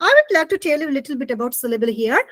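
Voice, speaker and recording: Fast-talking high-voiced Bengali-accented woman teacher. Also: very animated. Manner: mixes English and Bengali, asks students questions. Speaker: spoken English teacher. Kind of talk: online class lecture.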